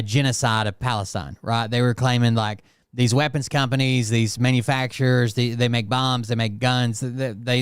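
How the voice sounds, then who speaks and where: A man's voice: medium pitch, smooth, dry recording, studio quality. A man hosting a casual reaction commentary, rambling and hesitant with frequent restarts. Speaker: commentary channel host.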